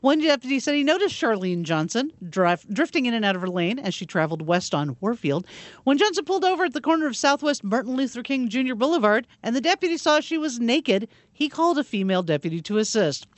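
Female radio co-host, expressive news read, dry close studio sound. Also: on the high side, fast, no echo. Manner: lively, conversational news reading. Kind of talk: casual radio banter and news reading.

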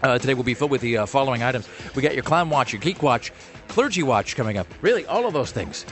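A fast-talking man hosting a radio show, wry and rambling, full of ums and asides. Faint music sits under his voice. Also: mid-range voice, expressive, fairly bright tone. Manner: rambling, wry, many fillers. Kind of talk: casual radio banter.

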